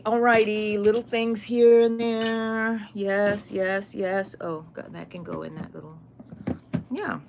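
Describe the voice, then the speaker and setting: Her voice a little high, a middle-aged woman hosts a crochet livestream, chatting casually in her craft room and calling out viewers by name. Some hiss or hum is audible.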